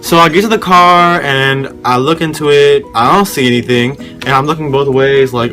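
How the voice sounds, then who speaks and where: A man's voice: medium pitch, steady tone, normal speed, hardly any pauses, over music. A young man telling a story in a casual vlog, rambling and slangy as he talks straight to his viewers. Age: young adult.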